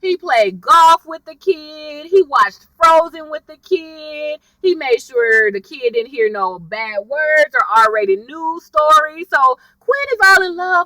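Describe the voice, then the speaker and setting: A woman recaps a TV episode in loose, gossipy chat, often calling her viewers y'all. Her voice sits fairly high and rings very bright. She swings her pitch up and down with a lot of energy, recorded close and dry. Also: a little slow, no echo, far from the mic, low-quality recording. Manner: chatty, animated, addresses viewers as y'all. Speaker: TV recap vlogger.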